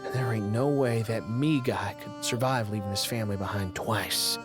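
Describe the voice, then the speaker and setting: A woman's voice: a bass voice, moderate pace. A woman voicing a simple, kindhearted young country man in a video game, with a folksy rural drawl. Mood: somber. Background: game music.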